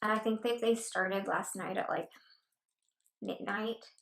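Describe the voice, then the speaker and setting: A woman vlogs from home while eating, rambling casually between little murmurs of enjoyment in a mukbang-style chat. Her mid-range voice is steady, a bit bright and creaky, and she speaks a little slowly. The room is echoey with faint background noise.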